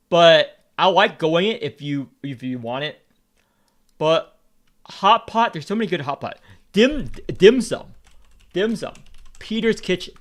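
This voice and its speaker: A man's voice: a little high, fairly bright tone. A Vietnamese American man streaming, rambling in casual chat, repeating words and swearing freely as he talks. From United States.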